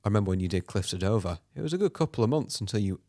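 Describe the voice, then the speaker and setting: A man co-hosting a guitar school podcast, talking in a relaxed way with short interjections. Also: lowish voice, very fast, no room sound, studio quality. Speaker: podcast co-host, guitar teacher. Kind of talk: casual podcast chat.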